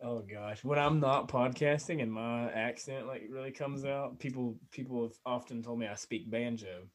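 A man's voice: medium pitch, moderate pace. A man from Florida in casual podcast chat, joking and asking lots of curious questions. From Florida, United States. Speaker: podcast co-host.

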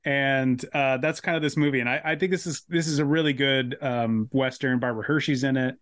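A man's voice: mid-range voice, fairly even intonation, a little fast, a bit bright, no room sound, clean studio sound. A man chatting casually about films on a podcast, rambling with many restarts. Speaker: podcast co-host. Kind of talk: casual film podcast chat.

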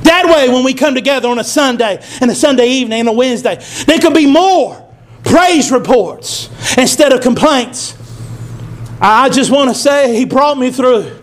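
Man, very high voice, pastor preaching, rising to shouts, call-and-response. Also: animated, moderate pace. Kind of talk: sermon. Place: church sanctuary.

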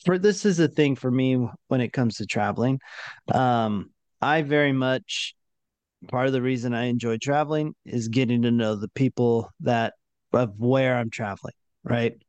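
A man's voice: mid-range voice, moderate pace, a little mellow, smooth, no echo. Thoughtful man, dry close sound. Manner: thoughtful, repeats words as he builds his point. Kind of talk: casual chat.

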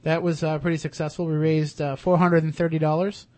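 A man's voice: on the high side, little pitch movement, brisk, mellow. A man hosting a radio talk show, chatting casually with many fillers and restarts.

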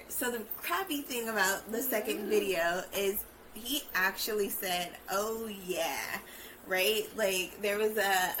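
Encouraging mom hosting a podcast. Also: female voice, mid-range voice, slight background noise, low-quality recording. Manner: warm, encouraging, says "right?" often. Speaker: podcast host, mother. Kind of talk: casual chat.

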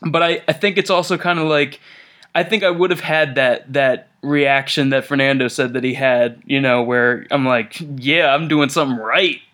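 A man hosting a casual podcast chat, rambling and joking with many halting restarts. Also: mid-range voice, steady tone, fairly bright tone, smooth. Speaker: podcast host. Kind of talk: casual chat over a conference call.

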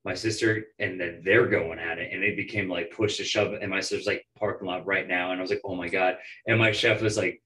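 A young man, a bartender, telling animated stories in casual chat, swearing and acting out quotes. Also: sits low, quick pace, hardly any pauses, rough recording. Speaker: bartender guest. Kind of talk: casual storytelling.

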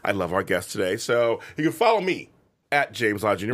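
A man's voice: on the low side, big pitch swings, fairly quick, a bit bright. A man co-hosting a casual chat show, playful and gushing, who often repeats himself. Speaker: co-host.

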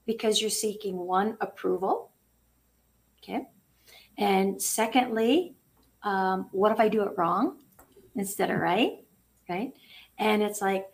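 A woman speaking as a spiritual coach in a casual interview, animated and laughing often as she acts out inner voices. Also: mid-range voice, unhurried, creaky, a little hiss or hum.

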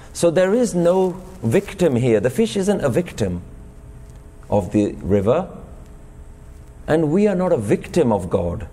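In a gurdwara hall, a man preaches a sermon at this Sikh house of worship, relating a parable and putting rhetorical questions to the congregation. His voice sits at a medium pitch with a dark tone, and a long reverb tail trails after his words.

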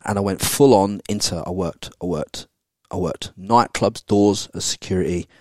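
A low-voiced man tells a personal story on a podcast, blunt and full of swearing. He keeps checking in with his listener through quick tag questions. The sound is close and dry. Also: a little mellow, dry recording. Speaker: podcast guest. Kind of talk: candid storytelling.

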